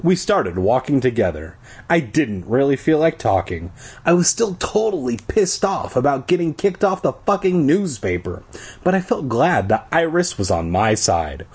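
A man's voice: medium pitch, very animated, normal speed, darkish tone, husky. A man reading a children's book aloud as a comedy, dropping crude, sarcastic asides. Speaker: reader.

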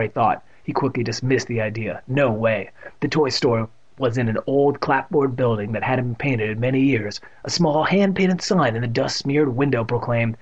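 A man's voice: mid-range voice, steady tone, fairly quick, hardly any pauses. A man reading a children's book aloud and tossing in joking asides. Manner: adds joking asides to the text. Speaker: reader. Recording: muffled lo-fi recording.

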